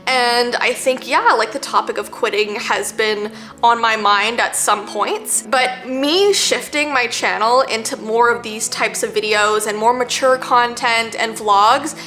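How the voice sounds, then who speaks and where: Woman, 30s, YouTuber answering fan questions; candid and chatty, slightly high, bright, roomy sound. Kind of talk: casual Q&A vlog.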